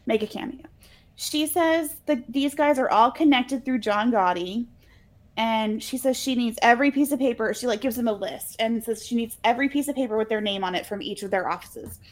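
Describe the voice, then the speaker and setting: A woman with a slightly high voice chats through a movie plot in a casual podcast. She tells it scene by scene with easy laughs and brief mock voices for the characters' lines. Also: normal speed. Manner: chatty storyteller, laughs often, quotes scenes with mock voices. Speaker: podcast co-host recapping a movie. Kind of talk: casual chat.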